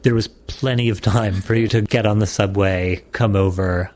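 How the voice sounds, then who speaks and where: Guy with a low voice telling a story, bit hesitant, dry sound, faint music. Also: fairly even intonation, moderate pace, darkish tone, dry recording. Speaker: interviewee. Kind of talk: casual recounting.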